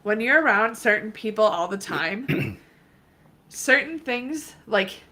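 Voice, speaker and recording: A woman's voice: on the high side, lively intonation, slow, pushed and bright. A woman from Minnesota with a Minnesotan accent, chatting playfully as a co-host. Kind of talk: casual chat.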